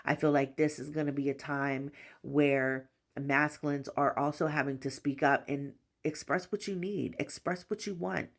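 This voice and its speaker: This tarot reader is a woman with a deep voice and fairly even intonation, speaking at normal speed during a spiritual collective reading. She gently reassures listeners through repeated affirmations, dropping "you know" often.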